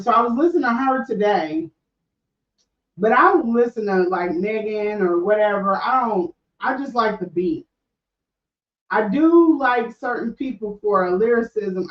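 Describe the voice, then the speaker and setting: Speaking at a moderate pace with medium pitch, this middle-aged podcast host chats openly and informally, frequently starting over mid-thought. The livestream-style audio is dull and echoey, her voice far from the microphone.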